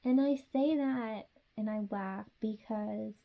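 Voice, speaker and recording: A woman's voice: a little high, takes it slowly, creaky, muffled recording. A woman giving a casual tarot reading straight to the viewer, chatty and sassy. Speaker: tarot reader.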